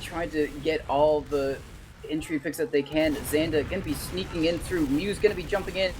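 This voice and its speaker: A man's voice: on the high side, steady tone, normal speed, a little mellow, slight background noise. Laid-back male esports co-caster. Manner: laid-back, chuckling, casual. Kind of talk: live play-by-play commentary.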